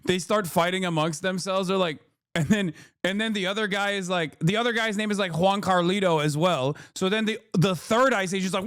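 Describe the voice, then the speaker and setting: A man's voice: high voice, moderate pace, a bit bright, clear, resonant tone, no echo, studio quality. A man in his thirties giving casual, sarcastic reaction commentary on news clips and riffing with jokes.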